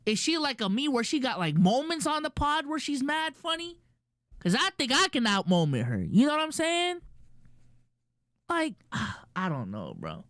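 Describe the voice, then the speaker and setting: A woman's voice: high voice, big pitch swings, moderate pace, fairly bright tone, dry recording, clean studio sound. A woman streamer reacting to clips live, incredulous and firing off rhetorical questions at her chat. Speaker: streamer host.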